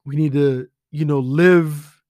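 A man telling stories about a late friend in a casual, animated way, with slang and whispered asides. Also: fairly high pitch, slow pace, no echo, clean studio sound. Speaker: friend giving a spoken tribute. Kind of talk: casual storytelling.

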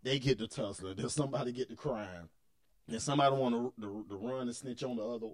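A man's voice: medium pitch, fast. A young adult man co-hosting a podcast, telling stories about his kids in casual chat and laughing often. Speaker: podcast co-host.

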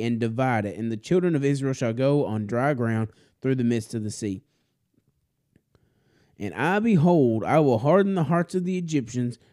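Mellow-voiced man teaching Sunday school. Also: mid-range voice. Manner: casual asides, self-correcting, folksy. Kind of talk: reading scripture and explaining it.

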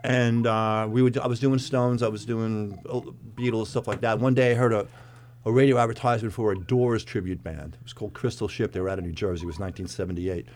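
A man's voice: lowish voice, fairly even intonation, fast talker, a little mellow, slight background noise. A man in his sixties, a guest singer chatting casually on a radio show, talking freely with frequent restarts. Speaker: guest, tribute band singer. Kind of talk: casual chat.

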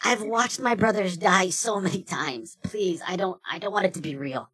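A man's voice: high-pitched, normal speed, a bit bright, husky, voice pushed up. A man voicing a frightened young man who sobs and stammers apologies, as a game master in a tabletop game. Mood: sobbing pleading. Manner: sobbing, pleading, stammering. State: crying. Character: young man, panicked and sobbing, grieving his brothers.

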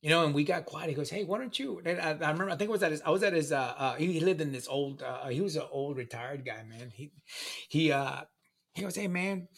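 A man telling a personal story in casual conversation, rambling and halting, repeating words and saying "man" often. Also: a little high. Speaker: guest sharing recovery story.

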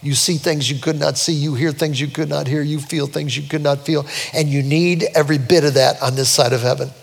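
An older man delivers a sermon with a high, bright voice that climbs even higher as he grows fervent. His preaching rings out under the long reverb of a large church hall. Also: a little fast, gravelly, slightly rough. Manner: storytelling, rising to fervent high-pitched preaching. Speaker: pastor.

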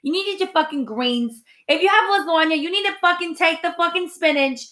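A woman's voice: very high voice, brisk, sharp tone, pitched above the performer's own voice. A woman putting on a brash Italian-American housewife from Queens with a put-on New York accent, swearing nonstop and bossing her boys. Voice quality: brassy, swearing constantly.

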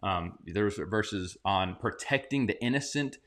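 A man's voice: on the low side, expressive, measured pace, a bit bright. A man co-hosting a casual talk show, commenting in a heated, sarcastic way that rises when he gets worked up. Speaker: podcast co-host.

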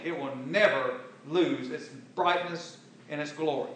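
A man preaching a sermon and quoting scripture, swinging between loud emphatic bursts and quiet earnest stretches. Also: fairly high pitch, unhurried, heavy reverb, recorded from a distance, low-quality recording.

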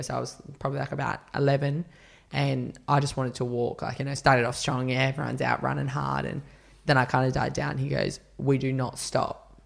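A podcast guest with a medium-pitched, slightly bright voice and vocal fry chats casually in an interview. He tells stories, acts out quotes, and uses lots of fillers.

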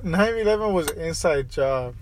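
A man's voice: on the high side, expressive, normal speed, a little hiss or hum, rough recording. A young man arguing casually, insistent, repeating his claims and talking over his friend. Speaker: friend in a heated debate. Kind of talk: casual argument.

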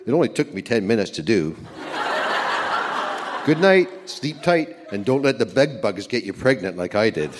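A man's voice: lowish voice, very animated, normal speed. An older man reading his old letters aloud to an audience in an earnest, plain way. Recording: background noise.

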